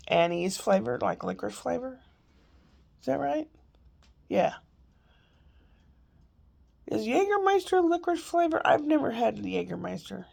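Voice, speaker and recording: A woman's voice: mid-range voice, creaky, a little mellow. A woman vlogging from home in a meandering, chatty way, a little congested with a lingering cough. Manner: chatty, meandering, self-interrupting. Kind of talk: rambling casual chat.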